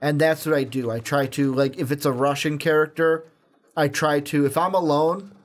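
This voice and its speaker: Brief: man, fairly high voice, earnest and emphatic co-host in casual chat. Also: steady tone, moderate pace. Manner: earnest, emphatic, repeats himself.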